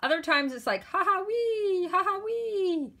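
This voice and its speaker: A woman's voice: high-pitched, sing-song, normal speed, bright, forceful tone, pitched above the performer's own voice, heavily acted. A woman voicing a grumpy young ape boy, a snappy big brother, in a storybook read-aloud. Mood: playful.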